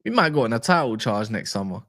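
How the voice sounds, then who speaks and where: A man's voice: medium pitch, fast. A young man chatting casually on a football fan live stream, joking and bantering in slang. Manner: animated, jokey, slangy banter.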